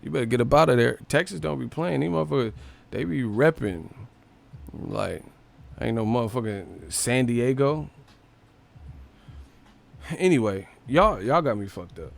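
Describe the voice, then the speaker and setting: A man's voice: mid-range voice, unhurried, gravelly, pauses often. A man hosting a live stream, ranting casually about boxing with a lot of swearing. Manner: profane, ranting, animated.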